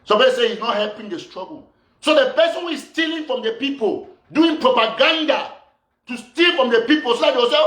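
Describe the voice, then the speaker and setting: Cameroonian Pidgin-accented activist host, man, high voice, accusatory and repetitive, echoey room. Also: sing-song, a little fast, a bit bright. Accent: Cameroonian Pidgin English. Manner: fiery and accusatory, repeats phrases for emphasis. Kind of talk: impassioned political rant to live viewers.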